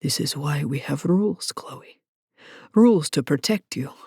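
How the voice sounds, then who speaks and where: A woman narrator voicing a gruff, commanding large man who talks in a low growl. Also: expressive, measured pace, mellow, no room sound, clean studio sound, full character voice.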